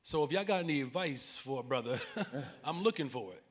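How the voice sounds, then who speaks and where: A man's voice: medium pitch, lively intonation, a little fast. A man in his forties with a Chicago accent, the mayor speaking on a conference panel, earnest and preacherly, joking with the audience. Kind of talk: conference stage conversation. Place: conference main stage before a live audience.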